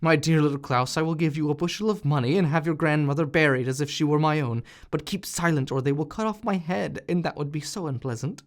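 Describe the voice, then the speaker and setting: A man voicing a hot-tempered middle-aged innkeeper who shouts and pleads in a raised voice, in a storybook reading. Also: a little high, quick pace, few pauses, lightly acted. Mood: panicky.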